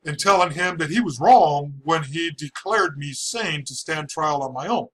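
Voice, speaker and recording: A man's voice: fairly high pitch, moderate pace, fairly bright tone, breathy edge, poor audio. A man casually telling a personal testimony in a chatty way, with frequent restarts and chuckles. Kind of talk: casual storytelling.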